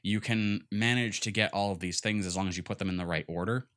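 On a relaxed gaming podcast, a young male co-host rambles keenly about video games, leaning on lots of fillers. He talks at a quick pace in a lowish, fairly bright voice.

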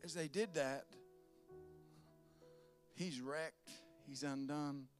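A man preaching a sermon as pastor, swinging between loud preaching and soft asides, with laughs. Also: fairly high pitch, steady tone, very slow, faint music behind.

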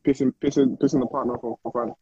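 A man's voice: medium pitch, level tone, quick pace, a little mellow, slightly rough, dry recording. A young man co-hosting a casual podcast, teasing in slang and repeating his jokes. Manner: teasing, repetitive slangy interjections. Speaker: podcast co-host. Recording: dull, dry lo-fi sound.

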